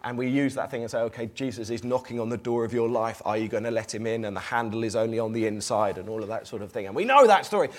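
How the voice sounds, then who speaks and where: A man's voice: mid-range voice, fast talker, hardly any pauses. A middle-aged man preaching a sermon, reading scripture aloud and acting out its tone with emphasis.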